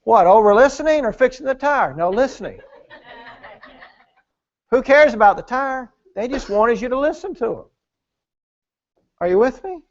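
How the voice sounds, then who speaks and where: A man preaching at a marriage conference during a church service, animated and acting out the voices in his stories. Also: extremely high pitch, moderate pace, pauses often, lo-fi sound. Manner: animated, acts out quoted voices. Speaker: pastor.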